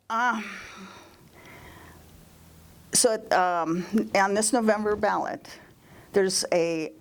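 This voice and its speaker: A woman's voice: mid-range voice, creaky. Chatty woman telling stories from the pulpit. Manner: chatty, laughs often, acts out quoted voices. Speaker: guest speaker at a church service. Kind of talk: storytelling sermon talk.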